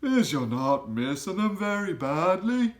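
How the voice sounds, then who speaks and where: A man voicing a big, soft-hearted old giant who talks in mangled grammar and stretches his words out high and wobbly. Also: sing-song, unhurried. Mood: tender.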